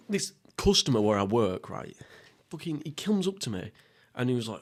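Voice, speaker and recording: Young guy, solo mukbang podcast host, loose, sweary, giggly rambler, mid-pitched voice. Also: big pitch swings, brisk. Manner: rambling, sweary, laughs at himself. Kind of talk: casual mukbang podcast chat. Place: at home, seated.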